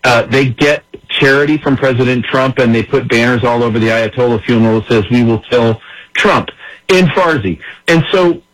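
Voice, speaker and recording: A man's voice: medium pitch, normal speed, rough recording. A man giving emphatic political commentary in an interview, acting out the words of others as he explains. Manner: emphatic, acts out quoted speech.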